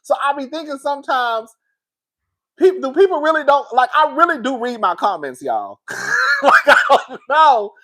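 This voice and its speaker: A woman talking casually to her viewers on a live stream, reading their comments and getting loud and excited when she is worked up. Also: moderate pace. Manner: animated, swings high and loud when worked up.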